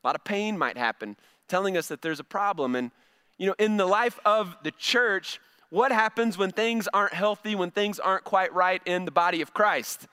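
A man's voice: high-pitched, normal speed, sharp tone, smooth. A middle-aged male pastor giving a conversational sermon, often repeating words as he starts a phrase.

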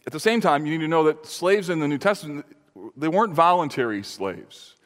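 Male pastor, slightly high voice, emphatic sermon delivery, long church reverb. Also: lively intonation, fairly quick, a bit bright. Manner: earnest, emphatic preaching with sudden lifts and drops. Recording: reverberant hall.

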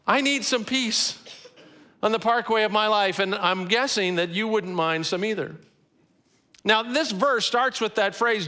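A man in his forties, a pastor, giving a sermon in an earnest, conversational way, slowing down to stress key phrases. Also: high-pitched, bright, forceful tone. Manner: earnest, conversational preaching with emphatic slowed phrases.

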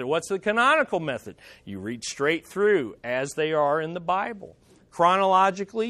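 Middle-aged male pastor, high-pitched voice, casual and emphatic sermon delivery, repeats key phrases. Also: a bit bright.

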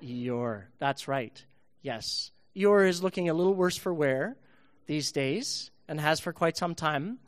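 A man, a pastor, telling a Bible story to children in a church service, playful and animated. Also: fairly high pitch, slow pace.

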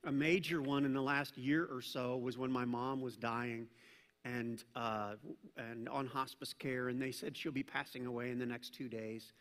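A male pastor preaching a sermon in a conversational, animated way, with casual asides to the congregation. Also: mid-range voice, moderate pace. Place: church sanctuary. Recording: reverberant church hall.

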